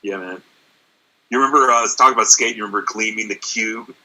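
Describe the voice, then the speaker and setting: A guest comedian, a man with a lowish voice, chats in a relaxed, rambling way. His tone is very bright and sharp. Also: fast talker, rough recording. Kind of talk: casual chat.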